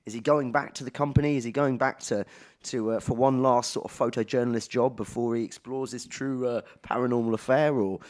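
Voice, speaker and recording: A man's voice: mid-range voice, steady tone, brisk, darkish tone. A male podcast co-host in casual chat, easygoing and agreeable. He rambles through questions in a mid-range voice.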